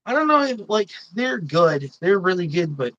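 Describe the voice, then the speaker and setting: A woman's voice: on the low side, sing-song, moderate pace, a bit bright, dry recording, lo-fi sound. A woman hosting a live stream, chatting casually and swearing a lot as she gives blunt, indignant opinions.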